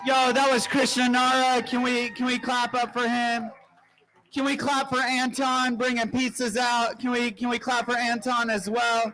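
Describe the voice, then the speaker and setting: Upbeat male open mic host, very high voice, sing-song call-and-response intros. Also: monotone, moderate pace, pushed and bright, low-quality recording. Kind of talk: hyping up an open mic crowd. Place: live open mic venue.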